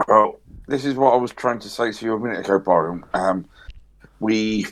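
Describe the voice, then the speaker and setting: A man playing in a tabletop game, speaking deliberately with many hesitations. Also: fairly low pitch, noisy background. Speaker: player. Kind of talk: casual tabletop chat.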